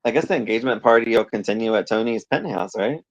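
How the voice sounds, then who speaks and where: A man's voice: on the low side, quick pace, no room sound. A man co-hosting a podcast, chatting casually about soap episodes, asking questions and acting out the characters. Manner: chatty, asks questions, acts out characters in quotes. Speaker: podcast co-host. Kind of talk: casual chat recapping a soap opera. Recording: dull lo-fi sound.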